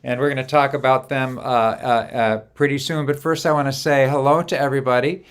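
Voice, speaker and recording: A man hosts a live online song gathering, his voice smooth and resonant at an ordinary pitch. He talks casually over a video call, greeting viewers one by one, with frequent hesitations. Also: steady tone, a little fast. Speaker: host.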